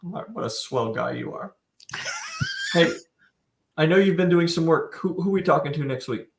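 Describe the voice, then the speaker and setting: A man's voice: on the high side, expressive, normal speed, gravelly, heavy background noise. A man co-hosting a podcast in casual chat, easygoing and teasing his partner. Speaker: podcast co-host.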